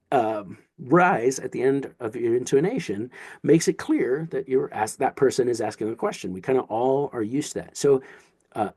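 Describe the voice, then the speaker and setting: A man's voice: mid-range voice, darkish tone, breathy edge, no room sound. Chatty, encouraging man teaching Greek. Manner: chatty and encouraging, with asides and restarts. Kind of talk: casual online lesson.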